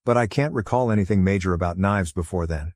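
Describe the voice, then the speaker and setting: A man with a deep, low voice narrates a personal story in steady, measured tones. The sound is close and dry, with no room around it. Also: dry recording. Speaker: narrator of a forum post.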